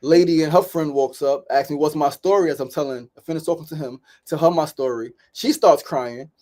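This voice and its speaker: A man hosting a show, telling a story in a casual, animated way and acting out other people's voices. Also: fairly high pitch, fairly quick. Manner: animated, repeats "right?" and "like", acts out quoted voices. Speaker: podcast host.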